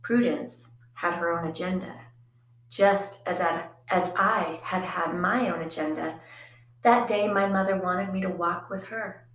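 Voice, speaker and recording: A woman narrating a first-person storybook in a quiet, reflective, even manner. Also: lowish voice, measured pace. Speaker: audiobook narrator. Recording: echoey room.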